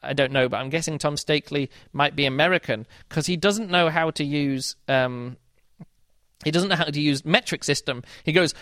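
A man's voice: a little high, normal speed, sharp tone, no echo, studio quality. A man hosting a podcast, giving an unscripted, exasperated book review with sarcastic mocking asides. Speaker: podcast host reviewing books.

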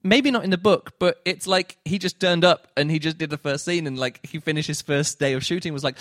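A talkative man with a slightly high voice chats loosely about a film, often dropping into quick imitations of what people said. His voice is recorded close and dry, with no room around it. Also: fairly bright tone, dry recording. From native English speaker living in Germany. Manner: chatty, rambling, quotes people in little put-on voices. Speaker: podcast co-host. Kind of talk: casual film discussion.

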